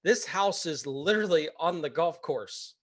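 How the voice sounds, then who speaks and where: Animated male storyteller, higher voice, casual and chatty with laughs. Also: unhurried. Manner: animated, laughs while telling. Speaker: real estate investor and webinar host.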